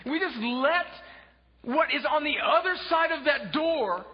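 A man preaching a sermon as pastor, impassioned, swinging from hushed asides to shouted exclamations. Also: very high voice, expressive, a little slow. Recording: dull lo-fi sound with long hall reverb.

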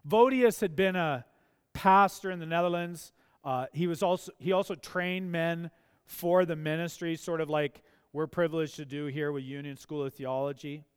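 Impassioned pastor preaching, long reverb. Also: male voice, on the high side, fairly even intonation, moderate pace, clean tone. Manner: impassioned, rising to emphatic pleas. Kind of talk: sermon.

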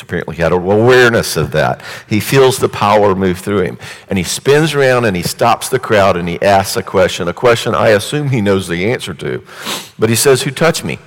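A male preacher delivers a sermon as a vivid, conversational story. His voice is deep and low. Long hall reverb follows his words through a large church space.

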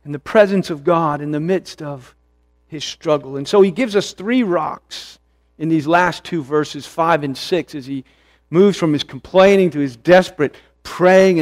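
A middle-aged man preaching a sermon, earnest, often repeating phrases for emphasis and slowing down to stress key words. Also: fairly high pitch, darkish tone. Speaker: pastor.

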